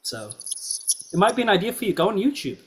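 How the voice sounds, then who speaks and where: A man's voice: high-pitched, sing-song, fast talker, a little hiss or hum. A man giving a student feedback in a recorded piano lesson, encouraging, often checking in with "right?" and "yeah?". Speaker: piano teacher.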